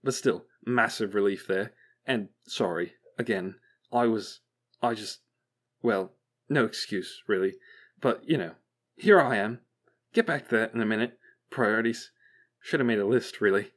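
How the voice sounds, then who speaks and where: A man's voice: measured pace, long pauses. A man doing Wheatley, manic rambling robot. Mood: manic chatter. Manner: rambling, flippant, lurching up high in excitement. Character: manic chattering male robot, bumbling and bitter. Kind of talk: audiobook character voice.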